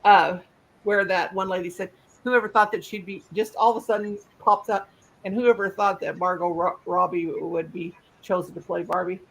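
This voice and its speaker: A woman's voice: on the low side, steady tone, moderate pace, slight background noise, rough recording. A woman hosting a casual live stream, rambling and trailing off mid-sentence.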